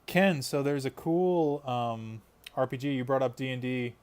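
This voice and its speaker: A man's voice: mid-range voice, a little slow, darkish tone. A man chatting casually on a live stream while he paints miniatures, rambling and laughing often.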